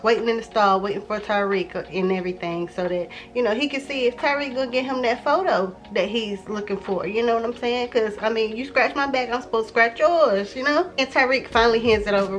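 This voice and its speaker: A woman recapping a TV episode in a loose, chatty way, with many fillers and excited exclamations. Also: medium pitch. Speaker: TV recap vlogger.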